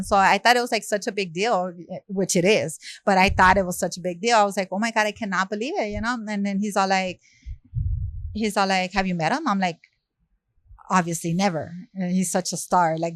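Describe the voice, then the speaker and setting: A woman tells a story in a relaxed interview, her voice sitting in a middle pitch. She acts out every quoted line and keeps the talk flowing with casual fillers. The sound is close and dry, with no room around it. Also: no room sound. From South Central Los Angeles. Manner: lively, acts out quoted dialogue, many "you know" and "like" fillers. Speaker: rapper, interview guest.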